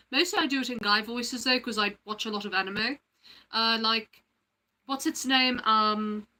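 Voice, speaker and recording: Bright-voiced girl rambling on her livestream, lots of likes and ums, kinda high. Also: rough recording. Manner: chatty, rambling, lots of fillers. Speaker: livestream host. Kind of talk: casual livestream chat.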